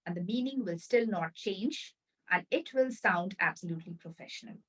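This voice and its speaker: A woman teaching business English in an online lesson, repeating example sentences slowly and checking that viewers follow. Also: medium pitch, recorded from a distance, low-quality recording. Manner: addresses viewers directly, checks understanding.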